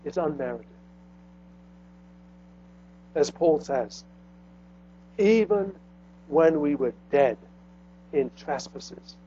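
A man preaching a sermon, swinging between loud emphatic lines and hushed low phrases. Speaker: pastor. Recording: dull lo-fi sound with faint mains hum.

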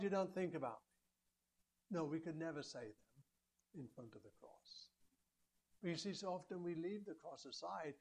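A man preaching a sermon in an earnest voice, rising to emphatic peaks and dropping low, with rhetorical questions to the congregation. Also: a little mellow.

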